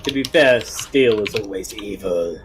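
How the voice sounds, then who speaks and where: A man's voice: fairly low pitch, a little slow, slight background noise. A man casting a live strategy game tournament, tossing out dry, teasing asides. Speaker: esports caster. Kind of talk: casual live game commentary.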